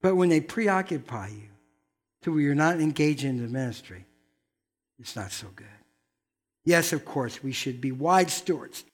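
A man's voice: a little high, animated, moderate pace, long pauses. A man, a pastor from North Carolina preaching a sermon in a church, telling folksy stories and acting out the dialogue.

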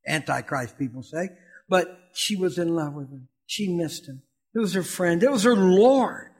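A middle-aged man preaching a sermon in a high, bright-toned voice. He talks conversationally and asks his listeners questions. He swings between loud exclamations and hushed asides. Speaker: pastor.

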